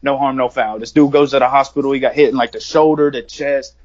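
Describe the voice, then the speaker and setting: A man's voice: medium pitch, fairly even intonation, quick pace. Slangy, profane young man telling a story. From West Virginia. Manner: slangy, profane, rambling with many fillers. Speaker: guest, rapper. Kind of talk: casual storytelling in an interview. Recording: dull lo-fi podcast recording.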